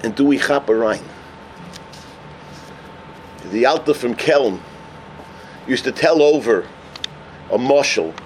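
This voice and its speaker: A man delivering a sermon as a rabbi. He tells a story with Yiddish and Hebrew terms and builds to emphatic, near-shouted points. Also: medium pitch, lively intonation, slow pace, long pauses, a little hiss or hum. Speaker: rabbi giving a Torah talk.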